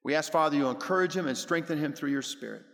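A man's voice: a little high, fast talker, vocal fry, a bit bright. A man, the pastor, leading an earnest, formal spoken prayer in church. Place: church hall. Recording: long hall reverb with congregation.

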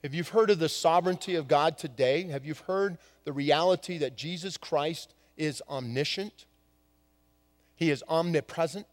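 A man preaching a sermon as a pastor, swinging from hushed lines to emphatic ones. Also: sits high, long reverb tail. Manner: dramatic shifts from hushed to emphatic.

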